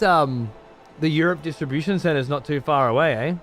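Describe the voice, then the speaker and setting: A man's voice: on the high side, a little fast, fairly bright tone, faint music behind. A man streaming and chatting casually with his audience, blunt, rambling and full of swearing.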